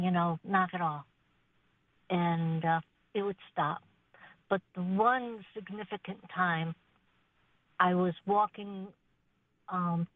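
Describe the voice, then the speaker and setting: A woman calling in to a radio show, telling a story in a plain, unhurried way over the phone. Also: medium pitch, no echo. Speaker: caller. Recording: tinny phone line.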